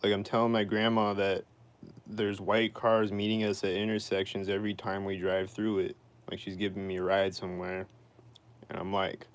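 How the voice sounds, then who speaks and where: A man on a livestream rants in an aggrieved, circling way and keeps asking the same questions again and again. His voice sits on the low side for a man. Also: completely flat delivery, moderate pace, clear, resonant tone. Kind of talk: livestream rant.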